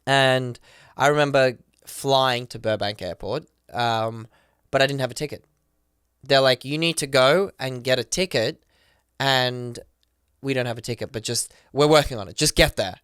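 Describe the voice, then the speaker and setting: A man on a podcast as a guest, telling a story casually, excitedly and quickly, with lots of "like" and acted-out quotes. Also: medium pitch, clear, resonant tone, no echo, studio quality. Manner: excited, rapid retelling full of "like" and acted quotes. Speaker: podcast guest, professional dancer.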